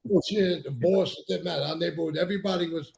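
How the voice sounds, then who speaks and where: A man's voice: fairly high pitch, fast talker, a little mellow, slight background noise. A man hosting a casual chat, earnest and reflective, thanking his guests. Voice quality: gravelly. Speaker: host.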